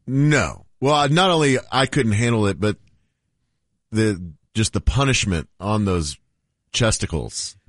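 A man's voice: lowish voice, animated, measured pace, fairly bright tone, no room sound, studio quality. A man co-hosting a radio show, cracking jokes with stumbling restarts. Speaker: radio co-host. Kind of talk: casual radio banter.

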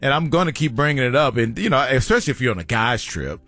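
A man, co-hosting a casual chat and telling stories with animated quoted asides. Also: mid-range voice, fast talker, no room sound. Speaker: podcast co-host.

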